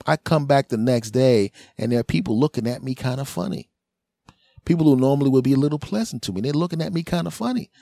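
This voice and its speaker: A comedian hosting a podcast rambles through a funny story at a fast clip, animatedly acting out the voices of the people in it. His voice is mid-range and creaky. The recording is dry and studio-clean.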